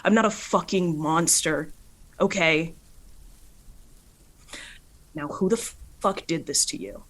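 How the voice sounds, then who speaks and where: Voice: mid-range voice, slow pace. A game master voicing an angry young woman fighter with claws who swears hard and raises her voice. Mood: furious. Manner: swearing, shouting, intense.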